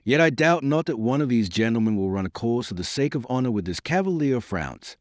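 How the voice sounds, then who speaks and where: A man voicing a courteous but wary prince who speaks in a formal, measured way. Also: mid-range voice, very animated, no echo, studio quality, lightly acted. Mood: commanding.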